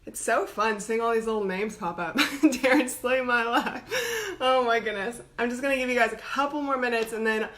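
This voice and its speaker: A woman's voice: a little high, fast talker, hardly any pauses, a bit bright. A young woman giving a bubbly, gushing live-call talk to her team as a coach, greeting viewers by name, laughing often and saying "like" and "literally" a lot. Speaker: coach speaking to a team group.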